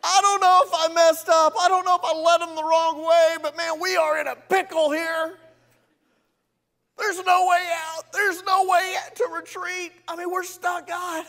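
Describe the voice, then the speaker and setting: Moses, a pastor putting on a booming prophet voice. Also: male voice, lively intonation, slow, fairly bright tone, big-room sound, heavily acted. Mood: panicked. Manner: booming then frantic pleading. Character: Moses, bold prophet turned panicked leader.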